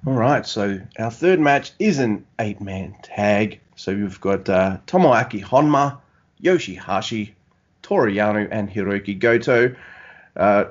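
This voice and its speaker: A man co-hosting a podcast, talking in a relaxed, rambling way. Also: medium pitch, muffled recording. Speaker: podcast co-host. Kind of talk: casual chat.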